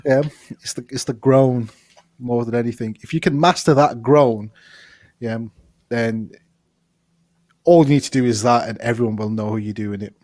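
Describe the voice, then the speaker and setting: Man, podcast co-host, mid-pitched voice, dry close sound, joking deadpan delivery. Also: normal speed, pauses often, dry recording. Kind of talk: casual advice podcast chat. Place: studio.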